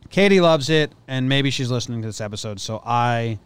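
Guy cohosting a chatty podcast, mid-pitched, reads news bits and rambles, stops and restarts a lot. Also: animated, a little hiss or hum. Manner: rambling, halting, thinks aloud. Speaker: podcast co-host. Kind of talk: casual chat reading news stories.

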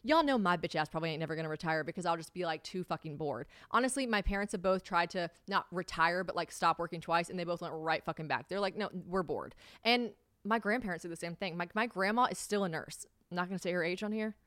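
A young adult woman hosting her own podcast, chatting casually, swearing freely and acting out quoted conversations with big jumps in pitch. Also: quick pace, hardly any pauses, fairly bright tone, dry recording, clean studio sound. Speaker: podcast host. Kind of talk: casual solo podcast chat.

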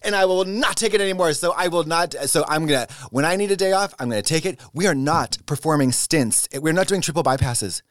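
A man co-hosting a comedy podcast in casual chat, theatrical and quick to laugh, acting out quotes in voices. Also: fairly high pitch, no echo, clean studio sound. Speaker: podcast co-host.

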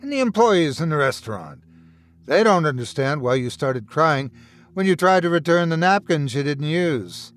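A man voicing a menacing, mocking male doctor who taunts in a slow, hushed voice. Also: on the high side, lively intonation, natural voice. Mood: taunting.

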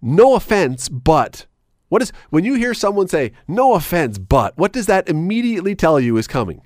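Male radio host, opinionated and sarcastic, animated delivery, dry close studio sound. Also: normal speed, no room sound. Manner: emphatic, sarcastic, wide swings in pitch. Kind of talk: opinionated talk radio rant.

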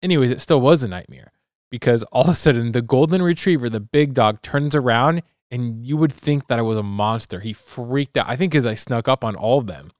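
A young adult man co-hosting a podcast tells an anecdote in casual chat, animatedly acting out sounds and quotes. His medium-pitched voice is a little fast, recorded dry with clean studio sound.

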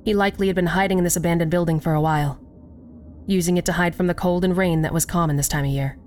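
A woman narrating a first-person horror story in a slow, measured storytelling voice. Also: lowish voice, fairly even intonation, darkish tone, slight background noise.

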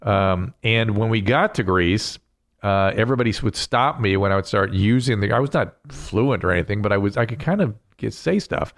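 Lower-voiced man explaining in a dry room. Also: animated, a little fast, no echo. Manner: explanatory, lecturing. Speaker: host and physician. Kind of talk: casual podcast chat.

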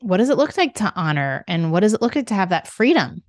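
A woman's voice: medium pitch, sing-song, quick pace, no room sound, clean studio sound. A woman co-hosting a faith conversation, talking in a candid, reflective, questioning way. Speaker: co-host. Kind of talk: faith-based podcast conversation.

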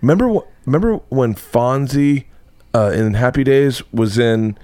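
A man hosting a podcast interview, talking in an excitable, rambling way and slipping into playful voices. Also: mid-range voice, moderate pace, no echo. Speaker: podcast host. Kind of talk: casual interview chat.

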